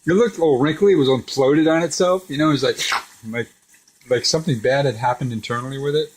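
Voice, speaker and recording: Chatty middle-aged dad in the kitchen. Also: male voice, medium pitch, fast talker, noisy background. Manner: chatty, animated storyteller who laughs often. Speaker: father cooking with his son. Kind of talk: casual kitchen chat. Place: home kitchen beside a deep fryer.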